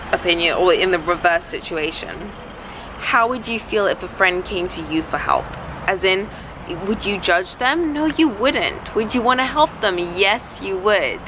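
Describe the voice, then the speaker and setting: A young woman giving frank, encouraging advice in a casual vlog, chatty and swearing now and then. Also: mid-range voice. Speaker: vlogger and recovery coach. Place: outdoors by a road with passing cars. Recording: faint traffic noise behind.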